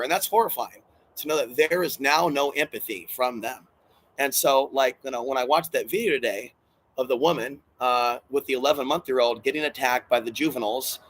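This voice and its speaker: A channel host with a mid-range, fairly bright voice rambles through a solo vlog, agitated and emotional, cursing and circling back on himself. He sounds distressed and hurt, and the poor audio carries slight background noise.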